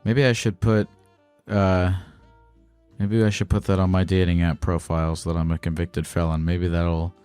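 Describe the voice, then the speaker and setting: A man's voice: sits low, little pitch movement, normal speed, darkish tone, smooth, dry recording, soft background music. A man hosting a call-in show, bantering with callers in a joking, crude way. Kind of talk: casual call-in chat.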